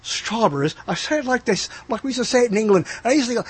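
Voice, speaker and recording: A man's voice: high voice, animated, racing, hardly any pauses, slightly rough. A man hosting a casual comedy podcast, rambling and joking, slipping into mock announcer bits. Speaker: podcast host.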